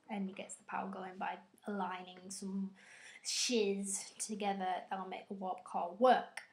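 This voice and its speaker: A woman giving a rambling, excitable spoken film review, full of "like" asides. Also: medium pitch. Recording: echoey room.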